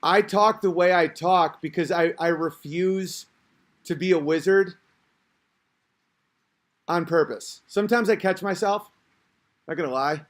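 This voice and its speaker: A man's voice: high voice, unhurried, pauses often. A man hosting a podcast, talking in a rambling, crude, self-interrupting casual rant. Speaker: podcast host.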